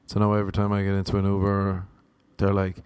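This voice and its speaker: A man's voice: low-pitched, monotone, fast talker, a little mellow, clean tone, dry recording. An Irish man rambling through a comic monologue, self-mocking and full of rhetorical questions. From Ireland. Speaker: vlogger.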